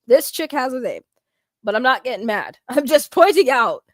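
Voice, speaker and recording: Loud excitable woman streamer. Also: high voice, moderate pace, no echo. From Boston, Massachusetts. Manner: loud, excitable, laughs often, talks back to chat. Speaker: streamer reacting to videos. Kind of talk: casual reaction stream chat.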